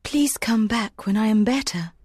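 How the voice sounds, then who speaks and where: A delicate young opera singer, put on by a male storyteller in a high, breathy voice that lilts up and down. She speaks quietly and slowly, tired and fragile. The reading is close and dry. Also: lively intonation, no echo. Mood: weary. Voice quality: breathy falsetto. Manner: quiet and soft-spoken. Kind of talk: audiobook reading of a graded reader.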